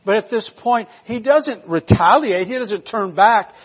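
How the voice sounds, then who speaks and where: In a large hall, a North Carolina pastor delivers a sermon with emphasis, his husky voice high for a man, animated, and a little slow. He shifts from loud declarations to almost hushed lines, and the recording is somewhat dull and lo-fi.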